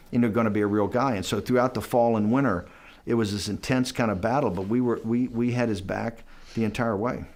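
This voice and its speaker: A man in an interview spinning a long anecdote at a middling pitch. He talks in loose bursts, doubling back on his words and slipping into the voices of the people in his story. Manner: rambling, animated, restarts and acts out quoted dialogue. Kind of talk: conversational storytelling.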